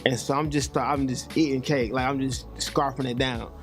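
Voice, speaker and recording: A touring rapper telling a wild story in an animated way, acting out the people in it. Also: male voice, medium pitch, moderate pace, soft background music. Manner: animated storytelling, acts out voices.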